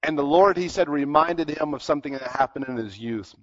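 A man preaching a sermon, telling a story earnestly, dropping his voice low and then rising for emphasis. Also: a little fast. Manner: earnest storytelling, drops to near-whispers and rises for emphasis. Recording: dull lo-fi recording.

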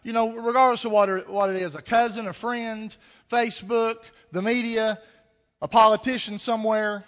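A man's voice: high voice, steady tone, moderate pace, a bit bright. A man preaching a sermon, folksy and conversational, with rhetorical questions and a homespun story. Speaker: pastor. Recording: echoey hall, dull lo-fi sound.

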